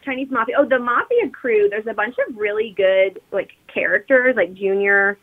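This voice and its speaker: Heard through phone-quality audio, a woman with a medium-pitched voice talks at a moderate pace. As a podcast co-host, she chats casually through a movie recap, rambling like an eager storyteller.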